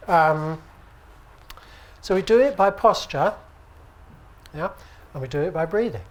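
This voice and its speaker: A British man teaching at an acupuncture conference, speaking in a relaxed, conversational way and often checking with the audience. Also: on the high side, unhurried. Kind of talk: conference lecture. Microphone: handheld microphone.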